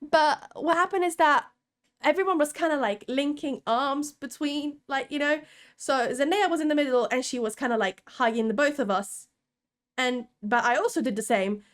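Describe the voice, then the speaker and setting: A young woman from Italy telling an excited story to camera as a vlogger, often laughing and restarting her sentences. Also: high-pitched, moderate pace.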